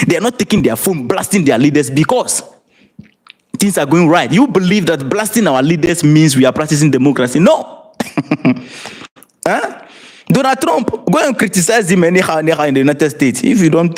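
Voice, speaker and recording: A man's voice: on the high side, darkish tone. A man with a Ghanaian accent giving live-streamed political commentary, emphatic and rhetorical, often repeating words and asking viewers to comment. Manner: repeats and restarts words, laughs between points. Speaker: livestream commentator.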